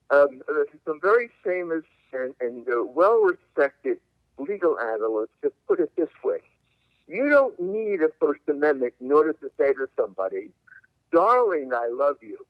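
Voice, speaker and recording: An older man with a high, lively voice argues like a lawyer, leaning hard on his points. He comes through a tinny, dry phone line. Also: measured pace, no room sound. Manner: emphatic, argumentative, lawyerly. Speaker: civil liberties attorney guest. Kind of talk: interview answers by phone. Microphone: telephone.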